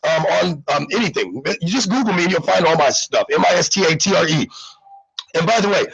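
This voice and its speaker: Congested, raspy radio host man. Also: sits high, poor audio. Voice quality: raspy, gravelly. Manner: loose, rambling, gives shout-outs to listeners. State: congested, sick voice. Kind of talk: casual live radio chat.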